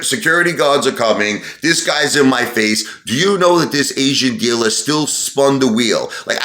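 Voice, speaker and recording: A man's voice: mid-range voice, pushed and bright, echoey room. A man telling a long personal story in a rambling, defensive way, often repeating himself. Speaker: channel host telling a story. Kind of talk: casual storytelling monologue.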